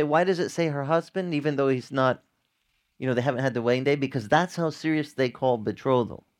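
Man preaching a lively, chatty sermon. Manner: conversational, acts out little dialogues with jumps in pitch.

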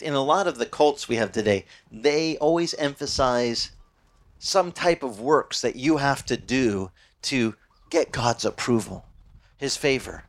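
Male pastor, sermon, conversational, slightly high voice with big swings in pitch. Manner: animated, conversational, with repeated restarts.

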